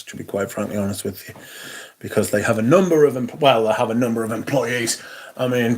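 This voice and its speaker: A man's voice: on the low side, a little hiss or hum. A man hosting a livestream, reading viewer comments aloud in a sardonic, sweary casual chat.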